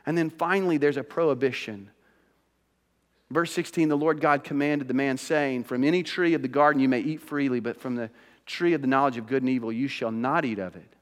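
A man's voice: medium pitch, fairly quick, long reverb tail. A man preaching a sermon as pastor, conversational and emphatic, with rising bursts of emphasis.

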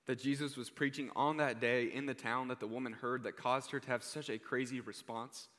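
A young man preaching an earnest, heartfelt sermon, his voice bright and forward. He often sinks to a hushed tone to land a point. Long reverb from the hall trails behind every line. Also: medium pitch.

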